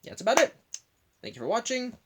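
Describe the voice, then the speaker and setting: A man's voice: very high voice, big pitch swings, a bit bright, a little hiss or hum. A man giving a casual spoken review who keeps stopping and correcting himself mid-sentence, recorded in an indoor room. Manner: rambling with frequent self-corrections; acts out the characters' lines in quick bursts. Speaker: video reviewer. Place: indoor room by a curtained window.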